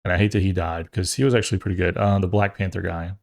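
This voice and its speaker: Rambling jokey man, lowish voice. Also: quick pace, gravelly. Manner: rambling, jokey, trails off and restarts; animated, acts out quotes in funny voices. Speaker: podcast host. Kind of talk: casual chat.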